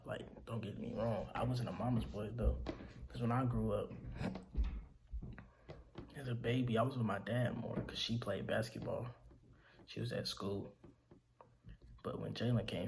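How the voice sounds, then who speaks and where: A young man tells a painful family story in a low, gravelly voice. His pitch barely moves, and he stops and restarts often, calling the listener bro. Grief pulls his voice down to near whispers. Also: a little hiss or hum. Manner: halting, repeats himself, calls the listener bro. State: grieving, voice dropping to near whispers. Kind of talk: emotional storytelling to camera.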